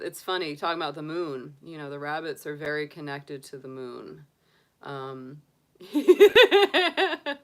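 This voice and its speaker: A woman's voice: fairly low pitch, fairly bright tone, clean tone. A middle-aged woman chatting casually on a livestream and cooing baby talk to her pet rabbit. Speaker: tarot reader and astrologer.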